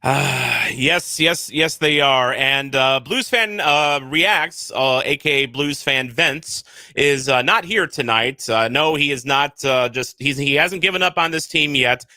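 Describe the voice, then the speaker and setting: A man's voice: mid-range voice, bright, forceful tone, no room sound. A man hosting a podcast in a casual chat, who reads ads loosely and stumbles over lots of "uh" fillers. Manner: halting, many "uh" fillers. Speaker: podcast host.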